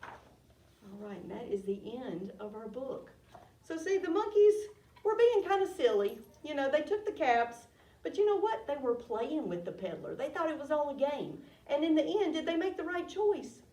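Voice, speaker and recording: Animated woman reading a story to kids. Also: sits high, moderate pace. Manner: animated, asks the listeners questions. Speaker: children's story time reader. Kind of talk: reading a picture book aloud to children. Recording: roomy sound from a distant mic.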